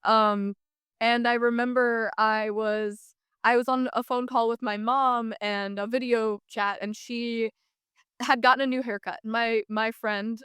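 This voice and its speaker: Chatty young woman, bright clear voice. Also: a little high, dry recording, clean studio sound. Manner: chatty, many fillers and restarts, animated storytelling. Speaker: podcast host. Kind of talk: casual podcast conversation.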